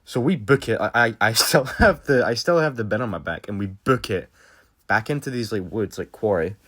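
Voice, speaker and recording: A man's voice: fairly low pitch, lively intonation, moderate pace, fairly bright tone. A young Scottish man casually telling a story from his youth, loose and self-mocking, with frequent fillers and swearing. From Scotland. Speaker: storytelling vlogger.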